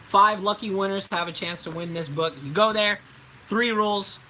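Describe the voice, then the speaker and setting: A man's voice: sits high, steady tone, moderate pace, pushed and bright, a little hiss or hum, poor audio. A young adult man, a voice actor, giving casual livestream tips in a chatty, loose way, with many fillers and restarts.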